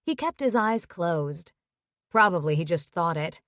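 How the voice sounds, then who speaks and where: Woman narrator, romance audiobook, slow, lower voice, dry studio. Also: animated, fairly bright tone, no echo.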